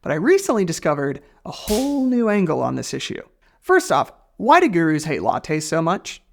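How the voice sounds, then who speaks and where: A man's voice: a little high, very animated, moderate pace, creaky, slight background noise. A man hosting a personal finance video, delivering a scripted comedic explainer in a sarcastic, playful way with jokey asides.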